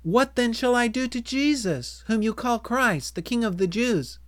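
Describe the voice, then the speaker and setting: A man's voice: very high voice, lively intonation, unhurried, fairly bright tone, dry recording, clean studio sound, pitched above the performer's own voice, heavily acted. A man voicing an uneasy Roman governor in a dramatized scripture reading, in a raised, pleading tone.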